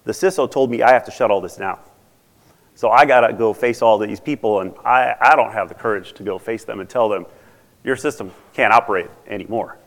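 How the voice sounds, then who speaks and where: A man's voice: fairly low pitch, fairly quick, pitched below the performer's own voice. A man voicing a timid, frightened man lacking courage, speaking hesitantly, in an echoing hall. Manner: hesitant, quiet. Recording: reverberant conference hall.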